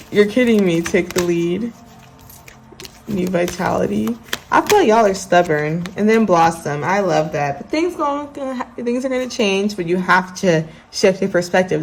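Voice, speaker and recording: A woman's voice: fairly low pitch, normal speed, gravelly, a little hiss or hum. A woman giving a casual tarot reading to her viewers, chatty and mixing readings from the deck's guidebook with asides to the audience. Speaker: tarot card reader.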